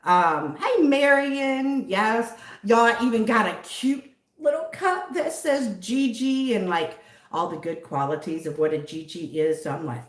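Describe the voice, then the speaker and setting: Greeting viewers by name with giggles and casual chat, this livestream host is a Southern woman from the southern US. She speaks at a measured pace in a fairly high pitch, with an echoey room around her.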